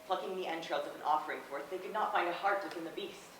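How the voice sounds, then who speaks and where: A man playing a brisk, dutiful servant. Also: fairly high pitch, a bit bright, slight background noise, natural voice. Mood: deferential. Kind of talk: outdoor stage acting. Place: outdoor lawn stage. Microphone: far camera. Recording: distant, echoey open-air stage recording.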